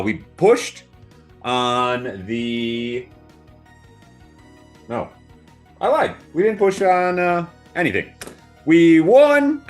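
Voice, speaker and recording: A man's voice: mid-range voice, fairly bright tone. A tired man co-hosts a football podcast in a mid-range voice. He talks with playful bravado, hyping himself up between yawns. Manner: playful, boastful. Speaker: podcast co-host. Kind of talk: casual chat.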